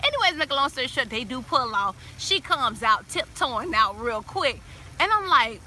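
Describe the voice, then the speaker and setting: A woman telling a story in a casual, animated way, acting out the lines of the people in it. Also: high-pitched, normal speed. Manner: animated, acts out friends' quoted lines.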